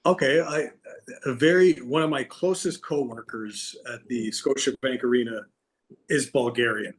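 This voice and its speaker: A man's voice: mid-range voice, moderate pace. A man co-hosting a podcast in casual chat, teasing his partner with dry banter. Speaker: podcast co-host.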